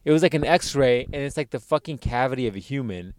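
Smooth-voiced profane man joking around. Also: mid-range voice, animated, quick pace, no room sound. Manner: profane, joking, laughs often. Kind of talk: crude casual chat.

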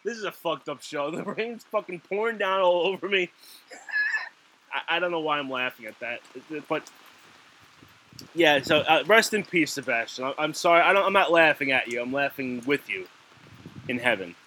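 Male podcast co-host, giggly and rambling, bright forceful voice, slightly high. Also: animated, normal speed. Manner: giggly, rambling with fillers and restarts. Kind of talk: casual chat.

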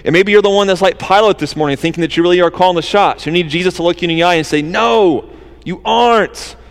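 A man's voice: high-pitched, steady tone, racing, clean tone, in a large hall. A man preaching a sermon to his church, earnest and conversational, asking the listeners rhetorical questions. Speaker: pastor.

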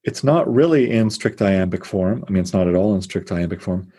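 A man leading a casual, thoughtful discussion of a poem, reflective and unhurried. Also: sits low, expressive, mellow, husky. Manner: thoughtful, reflective, reads verse slowly.

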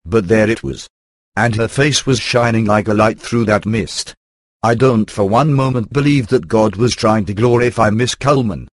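A man reading a first-person book aloud in an even, computer-rendered narration. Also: lowish voice, no room sound. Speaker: audiobook narrator.

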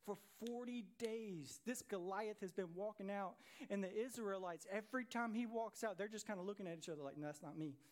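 Animated pastor preaching a sermon. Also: male voice, high voice, a little fast, few pauses. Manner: animated storytelling, acts out voices of Bible characters.

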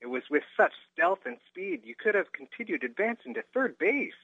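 A man's voice: high-pitched, sing-song, moderate pace, creaky, slightly rough, no room sound, heavily acted. A man voicing a stiff, formal male translator persona who talks in stilted, precise phrases over a dull, muffled line.

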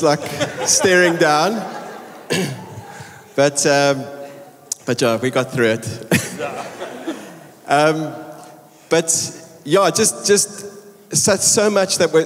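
Earnest man addressing a church hall. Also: fairly high pitch. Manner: earnest, encouraging, with halting restarts. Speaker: church leader addressing the congregation. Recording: reverberant hall.

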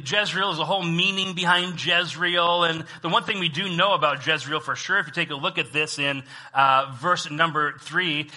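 Bright-voiced male pastor preaching. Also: a little high. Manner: conversational preaching, swinging from hushed to loud. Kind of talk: sermon.

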